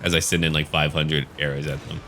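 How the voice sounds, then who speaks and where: A man's voice: a bass voice, little pitch movement, brisk, sharp tone, slight background noise. A man casually commenting on a strategy game battle, chatty and joking. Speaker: gaming channel host.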